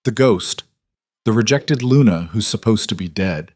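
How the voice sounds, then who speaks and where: A man voicing a scarred, gruff male wolf guard who talks in short, blunt lines. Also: lowish voice, expressive, a little slow, darkish tone. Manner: curt and blunt.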